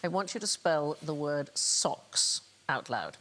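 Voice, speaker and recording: A woman hosting a comedy quiz from a TV studio stage, brisk and wry as she reads out each question. Her pitch swings widely, lively and animated. She keeps the pace moving. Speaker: quiz show host. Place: TV studio with live audience.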